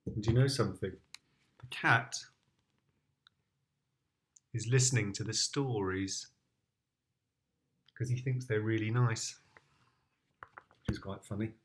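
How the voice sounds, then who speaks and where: A man's voice: fairly low pitch, steady tone, takes it slowly, pauses often, fairly bright tone. A British man, a father, reading picture books aloud to his child, playful and sing-song, with sound effects.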